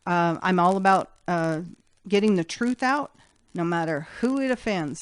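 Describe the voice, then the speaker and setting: A woman's voice: medium pitch, clear, resonant tone, dry recording. A woman, a former flight attendant, giving an emphatic, rambling and insistent monologue.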